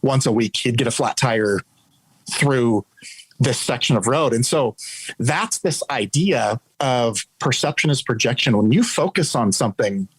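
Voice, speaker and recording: A man with a husky, slightly breathy voice speaks as an interview guest. He tells a story in an earnest, explanatory way. The sound is dry and close, with no room echo. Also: medium pitch, animated, unhurried. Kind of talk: conversational storytelling.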